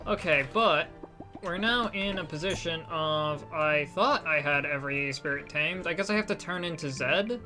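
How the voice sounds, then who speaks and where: A chatty game streamer with a slight British accent talks casually into a desk mic, answering chat and often restarting mid-sentence. The voice is bright and crisp at a middling pitch. Soft game music plays faintly in the background. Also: moderate pace. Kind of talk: casual live gameplay chat.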